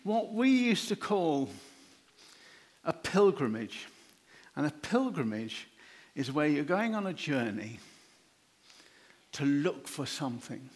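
A man preaching an informal, chatty sermon, animated and quick to laugh. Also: on the high side.

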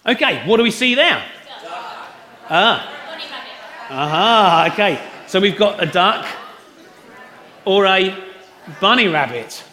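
A man's voice: sits high, animated, slow pace, pauses often, sharp tone. A man preaching an Easter sermon, talking conversationally and putting questions to the congregation. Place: church hall. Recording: roomy hall echo.

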